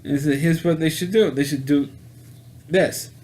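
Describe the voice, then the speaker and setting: A man casually recapping a movie plot, rambling and halting with many restarts and repeated words. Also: on the high side, darkish tone. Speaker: movie reviewer.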